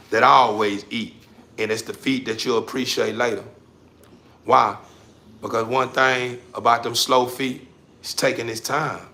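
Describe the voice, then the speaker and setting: Gravelly man preaching a street-talk rant. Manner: preachy, addresses listener directly, repeats himself; swings from low mutter to loud emphatic outbursts. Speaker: social media commentator.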